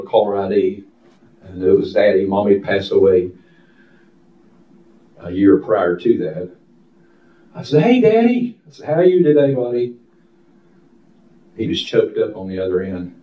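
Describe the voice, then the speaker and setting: A man's voice: lowish voice, dull audio. A man preaching in a church, fervent and rhythmic, repeating his phrases. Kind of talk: sermon. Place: church sanctuary. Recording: echoey hall from far off.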